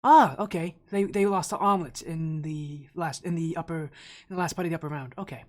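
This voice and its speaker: A man's voice: on the high side, a little fast. A man streaming as an esports caster, chatting casually with viewers, slightly out of breath, rambling with restarts. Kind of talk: casual live-stream chat.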